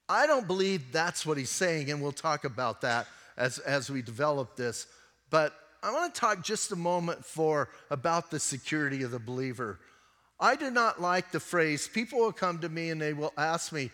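A man who is a pastor, preaching a sermon and telling a personal story in a conversational way, moving between emphatic and hushed delivery. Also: fairly high pitch, expressive, moderate pace, in a large hall.

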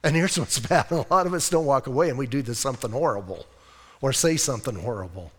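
A male pastor preaching a sermon in an animated, conversational way, acting out quotes and laughing often. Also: medium pitch, fast, husky, long reverb tail.

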